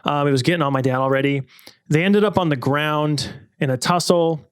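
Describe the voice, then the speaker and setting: A man's voice: on the high side, fairly quick, clear, resonant tone, no echo, clean studio sound. A young man hosting a podcast, chatting loosely with fillers and reading a listener's story aloud. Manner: loose and conversational, with many fillers. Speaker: podcast host.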